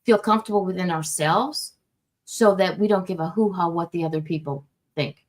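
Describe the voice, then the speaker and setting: Encouraging low-voiced woman co-host. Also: normal speed. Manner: encouraging, with short affirmations. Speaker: podcast co-host. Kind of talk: casual podcast chat.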